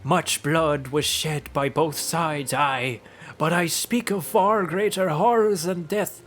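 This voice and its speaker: A bitter old peasant woman from a fantasy game, as a man puts her on, shrill and scolding. Her voice sits high, and she tacks a sharp "eh?" onto her lines. Faint music plays underneath. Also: slow pace. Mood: ominous storytelling. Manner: shrill, scolding, ends lines with a barked 'eh?'. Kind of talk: reading game dialogue aloud in character.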